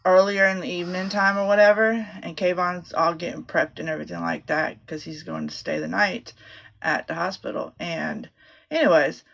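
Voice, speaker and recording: A woman's voice: lowish voice, fairly even intonation, normal speed, creaky, a bit bright, dull audio. A middle-aged woman chatting casually through a makeup tutorial from a small home office closet. She rambles and swears freely. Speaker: makeup vlogger.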